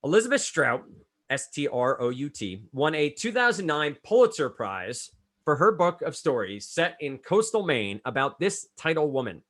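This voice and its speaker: A male trivia quizmaster reads clues and scores answers, calling on players by name. His voice is slightly high, and his delivery is brisk, chatty and very animated.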